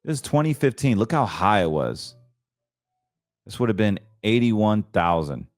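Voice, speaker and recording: A low-pitched man hosts a financial show in a loose, chatty monologue. He gets excited, trips over his words and restarts, and sounds close and dry with no room around him. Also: measured pace, dry recording. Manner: chatty, stumbles and restarts, excitable about trades. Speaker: host.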